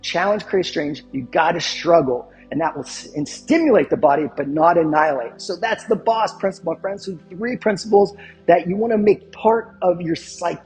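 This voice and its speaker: A man's voice: high-pitched, moderate pace, darkish tone, faint music behind. A male fitness coach giving an instructional talk, emphatic and fond of repeating his catchphrases and asking the viewer questions.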